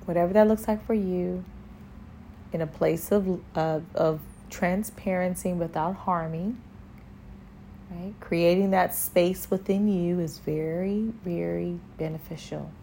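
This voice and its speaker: A woman giving a spiritual encouragement talk, speaking directly to the listener with gentle, repeated reassuring affirmations. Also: on the low side, fairly even intonation, a little slow, vocal fry, a little hiss or hum. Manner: speaks directly to the listener, asking if they follow.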